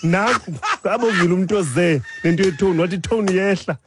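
A man with a fairly high voice, calmly making his case with a wry, teasing edge. He sounds like a radio co-host in easy conversation. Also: brisk, music in the background. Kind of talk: casual chat.

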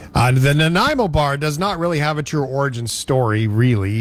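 A man hosting a radio show, chatting casually and joking with his co-host. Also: mid-range voice. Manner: playful, laughs often. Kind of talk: casual chat.

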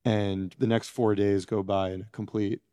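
A middle-aged former prisoner, appearing as an interview guest, responds to questions with a low, mellow voice that is clear and resonant. He speaks in a halting, reflective manner and keeps an even tone, frequently pausing as he searches for words. The recording is dry and close, with no sense of room around him.

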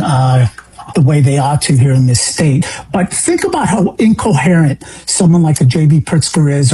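A man's voice: fairly high pitch, mellow, husky, poor audio. A man from Illinois, a grieving father, speaking as a guest on a talk radio show in an indignant, emphatic way, his voice jumping upward. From Illinois, USA.

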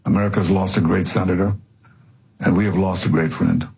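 A man giving a remote interview, speaking earnestly and haltingly, often repeating himself. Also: sits low, steady tone, creaky, a little mellow, husky, rough recording. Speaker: interview guest.

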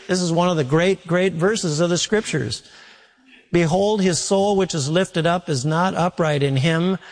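A pastor delivers a folksy, storytelling sermon, slipping into little acted-out quotes. His man's voice sits somewhat high. The sound carries the long reverb of a large church hall.

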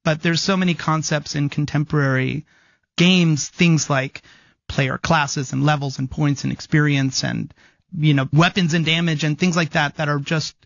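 A man's voice: fairly high pitch, vocal fry, no echo, dull audio. A man, a game design professor, speaking thoughtfully and articulately in an interview. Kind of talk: interview conversation.

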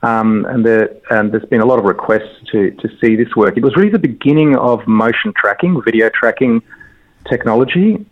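Male guest, halting and full of ums, dull radio sound, mid pitch. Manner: hesitant, many ums and restarts. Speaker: dance curator, guest. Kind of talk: radio interview.

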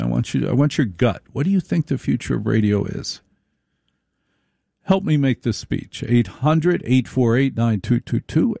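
A man's voice: mid-range voice, gravelly, mellow, dry recording, studio quality. A middle-aged man hosting a late-night radio talk show, delivering an emphatic, folksy monologue to his listeners.

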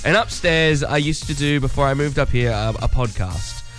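A man co-hosting breakfast radio, telling a story in a lively way and laughing as he goes, his voice a bit croaky. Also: medium pitch, normal speed, faint music behind. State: slightly croaky voice. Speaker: radio co-host. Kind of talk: casual breakfast radio chat.

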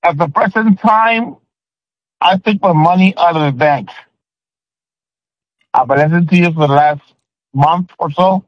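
A polite man phones in to a radio show, asking his questions eagerly and a little hesitantly. His voice sits fairly high. The line is muffled and dry. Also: unhurried, long pauses, no room sound. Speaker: caller.

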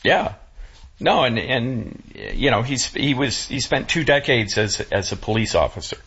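A man talking as a guest in casual chat, halting and full of restarts, close to tears. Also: mid-range voice, expressive, fairly bright tone, slightly rough. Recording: dull lo-fi sound.

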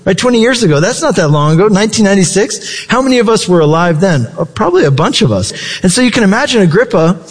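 A man's voice: high-pitched, sing-song, fast talker, hardly any pauses, husky, big-room sound. A male pastor preaching a sermon in a conversational way, asking the congregation rhetorical questions.

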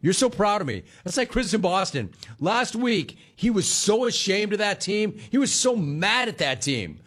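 A man's voice: high-pitched, very animated, normal speed, fairly bright tone. A man hosting a sports talk radio show, ranting and telling stories with sarcasm, mimicking callers and his own family.

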